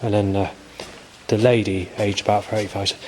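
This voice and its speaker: A man in his forties talks through a loose video diary, full of ums and restarts and frequent swearing. His voice sits low. Faint background noise runs under the recording. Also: little pitch movement, fairly quick. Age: 40s. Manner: rambling, hesitant, swears often, many fillers. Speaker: vlogger. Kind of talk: rambling spoken video diary.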